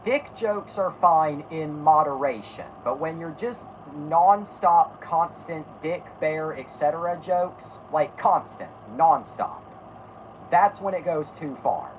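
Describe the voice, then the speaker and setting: Slow and expressive, this podcast host's deep voice carries a blunt, meandering casual conversation full of self-corrections and free swearing. The recording sounds rough, with slight background noise.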